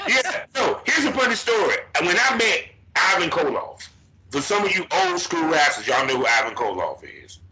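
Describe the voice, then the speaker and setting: A man hosting a casual podcast chat, telling animated stories and circling back on his points. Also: on the high side, normal speed. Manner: animated storyteller who repeats "but see". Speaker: podcast host. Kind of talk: casual conversation. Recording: dull lo-fi recording.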